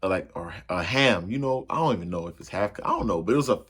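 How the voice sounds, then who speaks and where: A man telling a funny personal story to his viewers in a casual, slangy way, acting out the crashes and his own yells. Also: low voice, fast talker, husky. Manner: animated, acts out yells and crashes.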